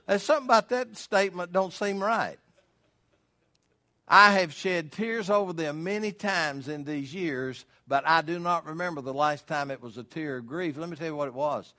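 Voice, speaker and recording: An older man delivers a sermon from the pulpit. He preaches in a folksy, emphatic manner and keeps asking his listeners rhetorical questions. His voice runs somewhat higher than most men's. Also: normal speed, pushed and bright. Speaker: pastor.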